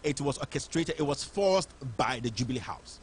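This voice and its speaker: A man's voice: mid-range voice, lively intonation, normal speed, slight background noise. A man with a Ghanaian English accent giving impassioned, indignant political commentary as a show host. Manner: indignant, rhetorical, fiery.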